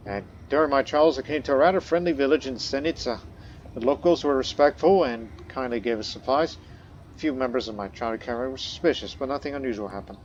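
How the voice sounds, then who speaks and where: Speaking fast in a medium pitch, a man comments on a strategy game let's-play, reading its event text aloud as "I" and pondering it. The audio is dull with a little hiss or hum, plus faint background music.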